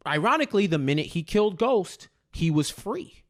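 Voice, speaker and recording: Animated man co-hosting a recap chat. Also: high-pitched, moderate pace. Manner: animated, quoting characters in put-on voices, laughs often. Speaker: podcast co-host. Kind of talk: casual chat recapping a TV episode.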